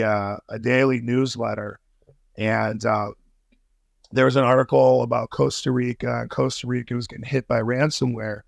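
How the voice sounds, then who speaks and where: A man's voice: mid-range voice, vocal fry, dry recording, studio quality. A man guesting on a podcast, telling a story in casual talk, swearing freely and using street slang.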